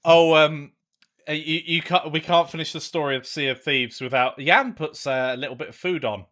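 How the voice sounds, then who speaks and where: A man with a bright, clear-toned voice co-hosts a casual live stream. He muses on game design in a thoughtful way and laughs easily. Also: fairly high pitch, fairly even intonation, moderate pace. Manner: reflective, laughs often. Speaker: co-host.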